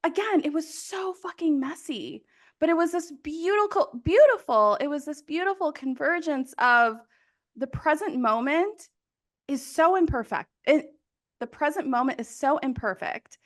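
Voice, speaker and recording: A woman in her thirties hosts a podcast in a high-pitched, animated voice at normal speed. The conversation is casual; she rambles, gets emotional and laughs often.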